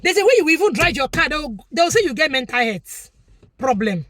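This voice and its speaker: A woman's voice: high-pitched, very animated, a little fast, a bit bright. A Nigerian woman vlogger giving an opinionated, preachy commentary, repeating her points for emphasis.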